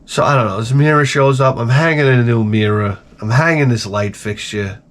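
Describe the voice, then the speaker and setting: A man telling stories in a casual, profane monologue, animated and acting out the people he quotes. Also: medium pitch, normal speed. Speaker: video creator.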